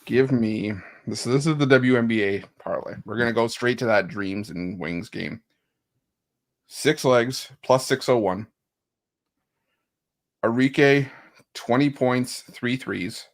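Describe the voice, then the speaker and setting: A man's voice: medium pitch, takes it slowly, pauses often. A man co-hosting a casual sports betting show, teasing his co-hosts and joking as he reads out picks. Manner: teasing, joking banter with restarts.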